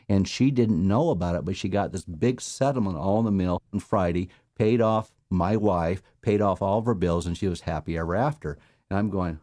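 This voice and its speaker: A man teaching and counseling, telling personal anecdotes in a relaxed, conversational lecture. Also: deep voice, no echo, studio quality. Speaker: mind-method teacher and counselor. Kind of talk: storytelling lecture.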